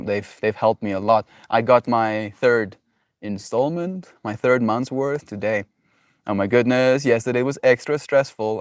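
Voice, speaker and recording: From home with his pets, a man live-streams and chats loosely with viewers, rambling, using lots of fillers, and laughing often. His voice is lowish, and the sound is dry and clean, studio-like.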